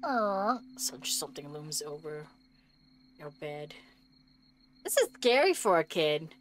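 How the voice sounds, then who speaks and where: A woman's voice: low voice, big pitch swings, slow pace, slight background noise. A woman streaming a video game, reacting to it with jokes and lots of giggles. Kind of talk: let's play commentary.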